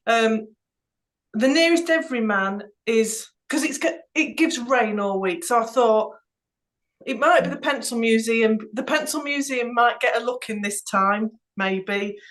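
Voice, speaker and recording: Podcast co-host, woman, slightly higher voice, easygoing and conversational. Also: measured pace, a bit bright, low-quality recording. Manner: easygoing, thinking aloud with "um". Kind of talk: casual chat.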